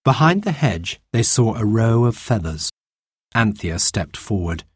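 Slow husky male storyteller. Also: fairly low pitch, sing-song, no room sound, studio quality. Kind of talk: slow read-aloud storybook narration.

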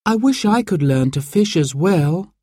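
Man reading a keen little sister, high sweet voice, storybook. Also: animated, unhurried, dark tone, dry recording, clean studio sound. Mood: eager. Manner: keen, wistful then delighted. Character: eager little girl, younger sister.

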